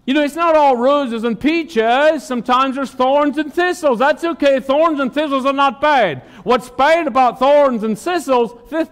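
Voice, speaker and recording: Male pastor, high voice, emphatic call-and-response sermon, long hall reverb. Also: unhurried, few pauses, fairly bright tone. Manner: emphatic preaching, asks the congregation questions.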